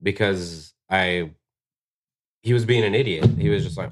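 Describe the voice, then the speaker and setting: A man in his thirties, a tattoo artist, telling casual, profane stories and acting out quotes in a raised voice. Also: normal speed. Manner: profane, animated, acts out quotes in higher voices. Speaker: tattoo artist, podcast guest. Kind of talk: casual storytelling chat.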